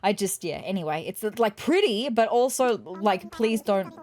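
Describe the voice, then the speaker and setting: In a casual let's play, this female YouTuber chats her way through a life-sim game, musing aloud and sounding a touch squeamish as she looks around. Her voice is medium-pitched, darkish, and animated, at a normal pace.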